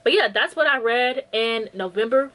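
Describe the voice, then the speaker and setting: Against background noise, a woman with a fairly high voice talks at a moderate pace in a casual book review chat. She bluntly retells the plots of what she read, piling on filler words and mock-quoting the characters.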